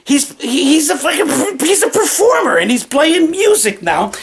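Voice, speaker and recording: A man's voice: very high-pitched, sing-song, moderate pace. A man telling a rambling, profane personal story, emphatic, with restarts and repetitions. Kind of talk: casual spoken anecdote.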